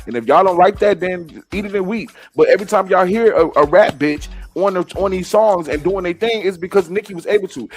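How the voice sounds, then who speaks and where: A man hosting a live gossip stream, ranting in heated, profane commentary straight to his viewers. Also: high-pitched.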